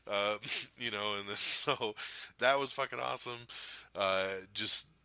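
Excited swearing man reviewing a movie. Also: on the low side, measured pace, clear, resonant tone, no room sound, lo-fi sound. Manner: excited, swears a lot, laughs often. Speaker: podcast host. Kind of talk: casual movie review chat.

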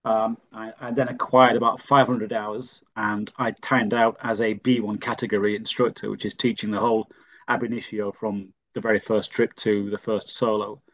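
Lively middle-aged man telling stories. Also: lowish voice, normal speed, dull audio. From Leeds, England. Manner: animated anecdotes, acts out dialogue in his stories. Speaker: guest, pilot and flight instructor. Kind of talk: storytelling in a conversational interview.

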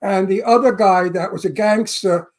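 A talkative man with a thick Brooklyn accent, co-hosting a relaxed interview show. He drifts into anecdotes and acts out quotes as he goes. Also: sits high, normal speed. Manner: talkative, tells stories with acted-out quotes. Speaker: co-host. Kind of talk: casual interview chat.

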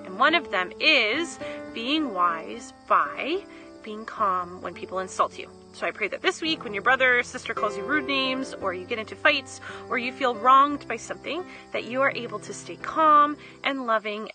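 A woman leads a children's Sunday school lesson, explaining each idea in plain, gentle words. Her voice sits a little high. Music plays clearly behind her. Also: expressive, normal speed, low-quality recording.

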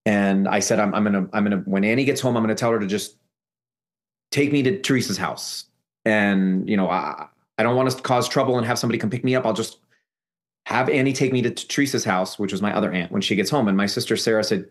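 A man, a podcast guest, telling a personal story with halting restarts and repeated phrases. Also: lowish voice.

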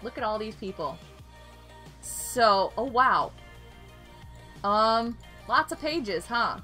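A woman's voice: a little high, expressive, slow, bright, forceful tone, soft background music. A young woman live-streaming a game, chatting casually and giggling often as she greets viewers.

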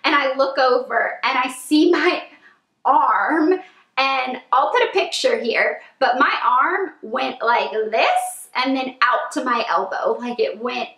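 A woman in her twenties telling a long storytime vlog, chatty and animated, with lots of "like" and squealed quotes. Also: sits high, slow, reverberant. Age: 20s. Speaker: vlogger.

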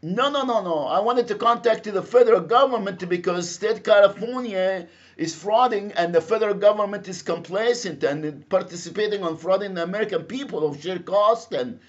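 Egyptian-accented male caller, loud and insistent, slightly high pitch, lo-fi phone sound. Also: moderate pace. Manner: loud, insistent, repeats himself. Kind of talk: phone call complaint. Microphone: computer speakerphone via internet calling. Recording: lo-fi phone call recording.

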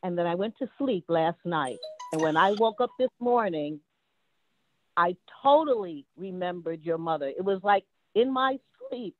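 A woman's voice comes through a tinny, narrow phone-like line with a dry, close sound. She tells a personal memory in an unhurried, storytelling way. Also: on the low side, expressive, dry recording. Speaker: caller sharing a memory. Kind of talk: spoken reminiscence. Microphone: remote call.

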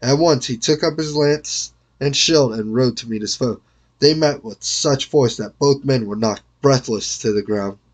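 An older man reading a storybook aloud in a measured, careful way. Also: medium pitch. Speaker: reader.

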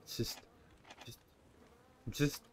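A young man commenting on a survival game as he plays, rambling and joking with sudden yelled outbursts. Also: extremely slow, soft background music. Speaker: gameplay commentator. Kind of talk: let's play commentary.

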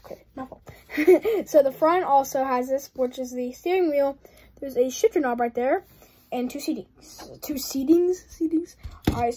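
Talking through a model build on her hobby channel, a young woman giggles a lot, rambles, and apologizes frequently. Her voice sits high and sounds warm and husky.

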